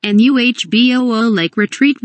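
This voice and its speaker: A fairly high-pitched woman reads a comedic parody script aloud, moving between stage directions and lines of dialogue. She spells some names out letter by letter. The recording is dry and close, with no room echo. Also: normal speed, faint music behind.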